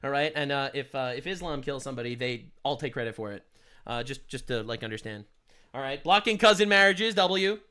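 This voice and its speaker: Loud sarcastic streamer man. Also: mid-range voice, fairly quick, smooth. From United States. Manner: loud, sarcastic, emphatic interjections. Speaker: streamer reacting to a political video. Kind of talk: reaction commentary.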